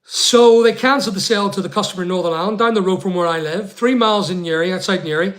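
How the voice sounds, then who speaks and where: A man's voice: sits high, fast talker, a bit bright. A middle-aged man from Scotland hosting a casual live chat, answering viewers bluntly with casual swearing and rambling asides. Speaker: live stream host.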